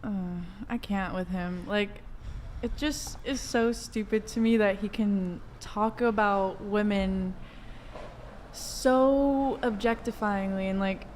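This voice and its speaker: A woman's voice: mid-range voice, slow pace, a little mellow, slight background noise. Woman panelist, exasperated, mid voice. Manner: exasperated, pleading. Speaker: panel guest. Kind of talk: casual chat.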